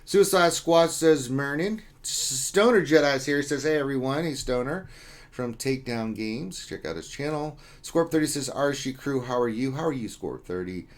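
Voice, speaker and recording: On a relaxed livestream, the host jokes loosely while reading chat names and greetings aloud. He speaks at a moderate pace in an animated, mid-range voice.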